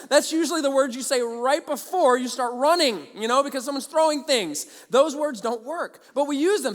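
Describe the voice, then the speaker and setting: High-voiced man preaching in echoing hall. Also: normal speed, few pauses. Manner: animated storytelling, acts out both sides of conversations. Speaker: pastor. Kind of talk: sermon. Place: large church auditorium.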